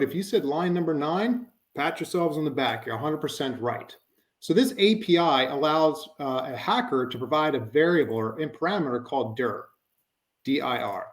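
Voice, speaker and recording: A man giving a conversational webinar presentation, explaining with frequent fillers like "you know" and "um.". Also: fairly high pitch.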